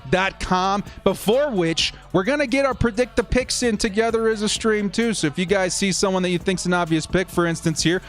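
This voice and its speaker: A young man hosting a live fan stream, talking in an upbeat, chatty way as he thanks supporters and reads their comments. His voice sits a little high for a man. Soft music plays faintly underneath. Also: brisk, few pauses.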